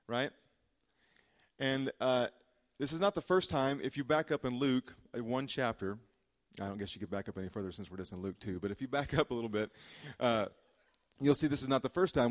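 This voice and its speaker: Joking pastor preaching in a reverberant hall. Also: male voice, mid-range voice, moderate pace. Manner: conversational and joking, with frequent "uh" fillers. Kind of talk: sermon.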